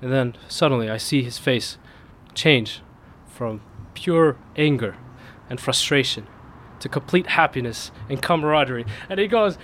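Man telling an animated story. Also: a little slow, hardly any pauses, a little hiss or hum. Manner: laughs through the punchline, voice climbs high with excitement. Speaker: storyteller in a casual podcast chat. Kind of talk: casual chat, animated storytelling.

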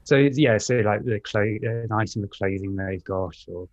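A man's voice: lowish voice, normal speed, lo-fi sound. Reflective man, posh English accent. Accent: upper-class English. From United Kingdom. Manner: reflective, candid, lots of fillers. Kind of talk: casual chat, storytelling.

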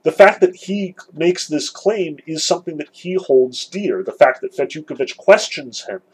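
This recorded literature lecture comes from a man whose husky, fairly high voice has lively intonation at a moderate pace, though the recording is rough. He explains the scene methodically, considering each side in turn.

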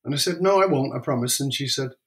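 A man telling an emotional personal story, reflective and candid, speeding up and slowing down as he goes. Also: mid-range voice, fairly bright tone. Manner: emotional, reflective, varies pace widely.

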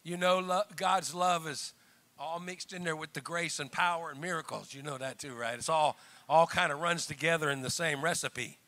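A male pastor preaching a sermon, swinging from emphatic loud bursts to quiet chuckling asides and calling out to the congregation. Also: a little high, steady tone, normal speed.

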